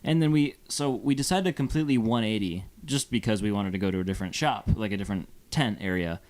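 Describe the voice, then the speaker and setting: A man's voice: fairly low pitch, fast, a little mellow. A young man from Phoenix, co-hosting a podcast and telling a story in a casual, rambling way with plenty of fillers. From Phoenix, Arizona. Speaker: podcast co-host. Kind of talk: casual chat.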